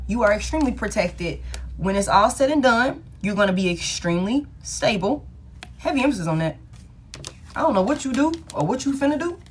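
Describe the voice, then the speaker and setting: A woman's voice: mid-range voice, slight background noise. A woman giving a live tarot reading to a caller, talking casually and emphatically, repeating her points and swearing freely. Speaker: tarot reader.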